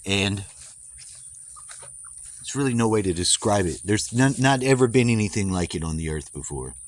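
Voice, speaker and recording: A man in an American accent telling a rambling story while walking outdoors, playful with crude asides and drawn-out dramatic phrasing. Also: on the low side, expressive. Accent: American, put on.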